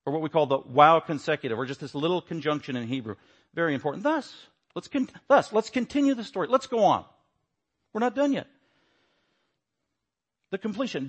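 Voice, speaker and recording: A man teaching a Bible lesson, stressing words and swinging between quiet asides and louder points. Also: a little high, very animated, normal speed, pauses often, breathy edge.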